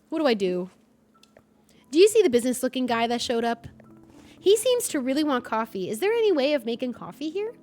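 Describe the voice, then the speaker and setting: Animated young woman, North Jersey accent. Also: high voice, fairly quick. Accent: North New Jersey. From North New Jersey. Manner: chatty, animated, self-deprecating. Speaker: streamer. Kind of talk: casual gaming commentary.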